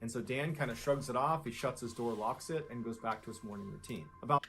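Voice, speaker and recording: A man narrating a true story in a steady, conversational way. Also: medium pitch, fairly quick, a little hiss or hum. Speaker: storyteller in a played video.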